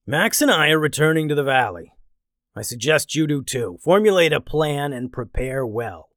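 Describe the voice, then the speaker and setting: A man doing a calm winged creature. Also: on the high side, normal speed, no echo, studio quality. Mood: firm. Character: calm winged male creature, wise and weary.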